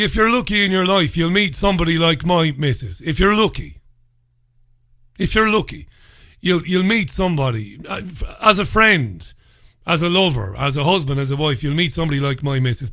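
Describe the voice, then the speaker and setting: A man's voice: a little high, animated, normal speed, no echo, clean studio sound, soft background music. A man hosting a casual radio show, greeting listeners by name, getting over a head cold. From England. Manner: chatty, warm greetings to listeners, swears mildly. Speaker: radio host.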